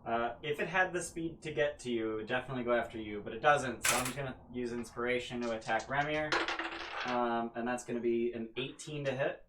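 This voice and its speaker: A man running a tabletop game as game master, narrating events in a relaxed way full of fillers. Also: medium pitch, brisk, echoey room, background noise. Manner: relaxed, filler-heavy descriptions.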